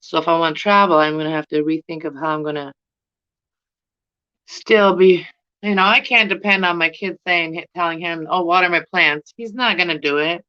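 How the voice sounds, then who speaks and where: A woman's voice: on the low side, moderate pace, sharp tone, clean tone, lo-fi sound. A middle-aged Canadian woman with a Canadian accent, chatting casually to camera in a rambling, giggly way. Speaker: plant vlogger.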